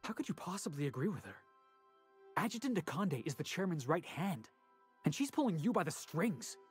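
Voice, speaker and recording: A protesting ship crewmate. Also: male voice, a little high, big pitch swings, normal speed, breathy edge, soft background music, heavily acted. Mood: alarmed. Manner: pleading, protesting. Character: worried crew companion. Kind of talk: video game dialogue.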